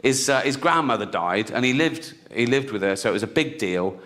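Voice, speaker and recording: A man doing a stand-up routine, mocking and jumping into high-pitched impressions of other people. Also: expressive, fairly quick. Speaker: stand-up comedian. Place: large theatre with live audience. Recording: live stage recording, loud audience noise. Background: audience laughter.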